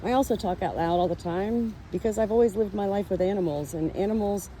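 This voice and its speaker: Earnest woman chatting outdoors, mellow voice. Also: mid-range voice, brisk, a little hiss or hum, low-quality recording. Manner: chatty, earnest, talks to her animals. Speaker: vlogger. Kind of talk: spiritual farm vlog, talking to camera. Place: outdoors on a farm, then indoors with animals.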